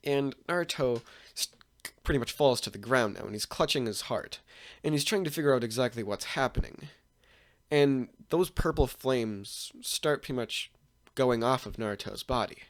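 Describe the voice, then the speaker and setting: A man's voice: medium pitch, moderate pace. A man casually retelling a fan story, rambling with many restarts and fillers.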